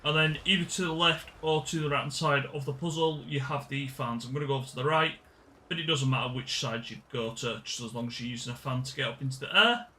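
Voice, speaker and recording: A man's voice: mid-range voice, fast, bright, forceful tone, a little hiss or hum. A man giving casual game walkthrough commentary, chatty and often correcting himself mid-sentence. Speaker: gaming channel host.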